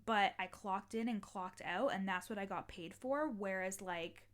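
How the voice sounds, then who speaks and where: A woman's voice: mid-range voice, a little slow. A young adult woman, a life coach and podcast host, talking casually and encouragingly to listeners, with lots of "like" fillers and the odd swear word.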